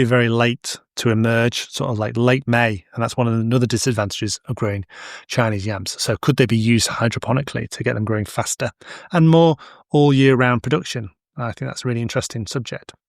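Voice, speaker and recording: Guy rambling about crops, gravelly voice, dry close sound. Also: mid-range voice, fairly even intonation, a little fast, no room sound. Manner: chatty, digressive, anecdotal. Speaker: podcast host, horticulture expert. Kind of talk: casual educational monologue.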